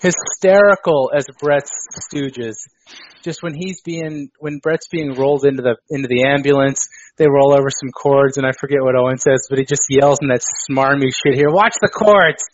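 A man co-hosting a casual podcast chat, animated and excitable, on a dull lo-fi recording. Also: medium pitch, moderate pace. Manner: animated, excitable, mimics people for laughs. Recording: dull lo-fi dry sound.

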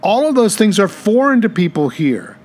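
A man from the United States co-hosts a casual talk show in a high voice. He is chatty and explains things at length. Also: sing-song, normal speed, darkish tone. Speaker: co-host. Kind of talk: casual radio chat.

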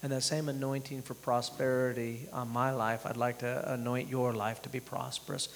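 A middle-aged man leads a dinner gathering in an informal sermon and prayer, talking fast with few pauses in a medium-pitched voice. He rambles conversationally, restarts often, and gets emotional to the point of tearing up. Soft music plays in the background of the dinner event room.

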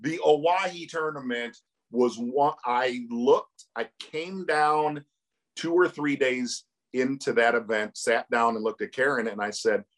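A man's voice: medium pitch, measured pace. A middle-aged man, a tournament commentator, telling stories with animation and laughter in a casual interview.

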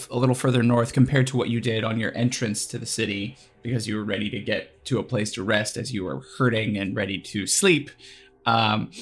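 A man's voice: mid-range voice, a bit bright. A man running a tabletop game, describing the scene in a loose, rambling way with many fillers. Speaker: game master.

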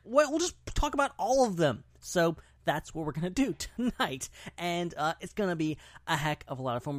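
A man hosting a podcast in a playful, casual chat manner, quick to laugh. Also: on the high side, fairly bright tone, no room sound, studio quality. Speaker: podcast host.

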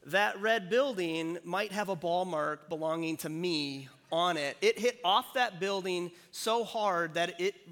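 A pastor giving a sermon, telling a self-deprecating personal story in a relaxed, conversational way. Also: male voice, on the high side. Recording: long hall reverb.

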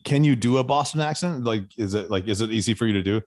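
A man hosting a loose podcast conversation, with a lowish voice recorded dry and close. He swears freely and laughs often. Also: fast, a little mellow, no room sound. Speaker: podcast host. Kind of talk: casual podcast chat. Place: Nashville.

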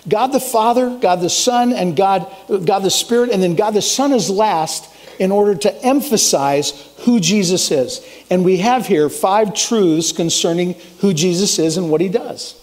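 A man's voice: high voice, darkish tone. A man pastor preaching a sermon in an earnest, emphatic way, rising for exclamations.

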